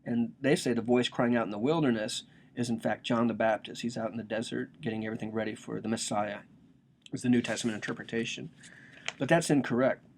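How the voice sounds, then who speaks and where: A man's voice: medium pitch, fairly even intonation, quick pace, a little hiss or hum. A man giving a casual, joking lecture on a religious text, explaining it with slang and asides.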